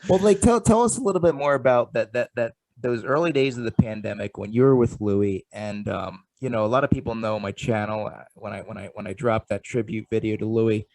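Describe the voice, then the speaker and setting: Low gravelly-voiced podcast host. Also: male voice, a little mellow, no echo, low-quality recording. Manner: halting, repeats words often. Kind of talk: casual interview.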